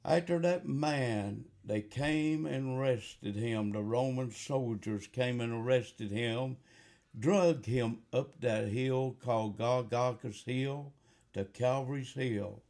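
A gravelly-voiced man delivers a fiery revival sermon. He speaks slowly and deliberately, then rises to loud, impassioned appeals. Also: mid-range voice. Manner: slow, building to shouted fervor. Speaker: preacher.

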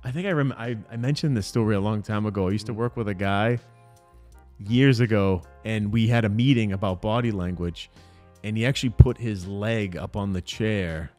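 Man, 40s, podcast co-host, casual chat, lively storyteller, faint background music. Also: on the low side, moderate pace. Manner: animated storyteller, acts out quotes.

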